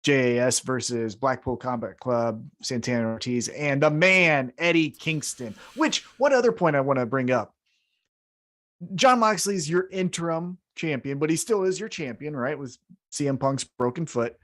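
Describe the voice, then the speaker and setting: A young adult man co-hosting a podcast in casual chat, animated and acting out quoted voices. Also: medium pitch, moderate pace. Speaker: podcast co-host.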